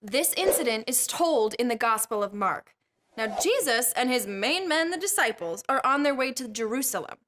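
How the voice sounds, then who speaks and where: A woman's voice: a little high, animated, moderate pace, noisy background. A woman hosting a kids Bible lesson, chatty and jokey. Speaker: host.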